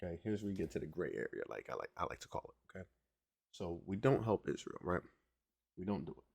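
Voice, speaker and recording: A man's voice: low voice, sing-song, fast, creaky, darkish tone, breathy edge, no room sound. A man hosting his own podcast in casual solo commentary, slangy and conversational, often checking in with "right?". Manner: conversational, keeps asking "right?" to the listener; slangy, drawling delivery. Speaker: podcast host.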